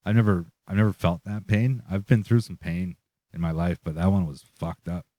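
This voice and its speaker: A man with a low-pitched voice tells a rambling story on a podcast, swearing freely and laughing along the way. The sound is very dry and close, with no room around it. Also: steady tone, normal speed, mellow, dry recording. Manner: loose, profane storytelling with laughs. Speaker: podcast co-host. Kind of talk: casual chat.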